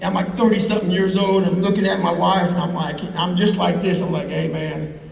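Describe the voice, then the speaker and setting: A fan's camera in the crowd catches a middle-aged motivational speaker telling a profane, intense story on stage in a large hall, the audio roomy and far away. He talks fast in a high, flat voice with vocal fry.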